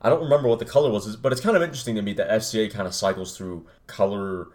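A man's voice: fairly low pitch, rapid-fire, darkish tone. A young man hosting his own podcast, talking casually and rambling as he reacts to his old first episode. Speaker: podcast host. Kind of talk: casual solo podcast talk.

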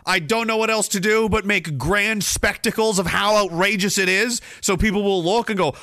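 A man's voice: high voice, normal speed, few pauses, bright, forceful tone, dry recording, clean studio sound. A man hosting a podcast, ranting in a mocking, sarcastic way and swearing constantly. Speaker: podcast host. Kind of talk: profane satirical rant.

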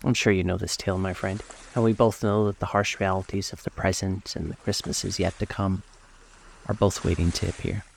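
A man narrating a classic tale as a bedtime story host, in a soft, slow, soothing manner. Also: low-pitched, level tone, vocal fry, slight background noise. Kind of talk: calm bedtime story reading.

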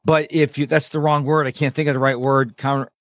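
Man, middle-aged, animated, quotes others in lively voices, higher pitch, dry sound. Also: brisk, no echo. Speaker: productivity coach, podcast guest. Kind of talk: casual interview talk.

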